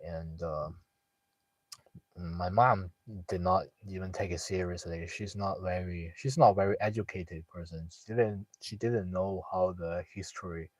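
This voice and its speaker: A young man, telling a family story in casual talk with many pauses, fillers and restarts. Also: low-pitched, steady tone, no room sound, low-quality recording. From northeast China. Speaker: guest sharing a personal story.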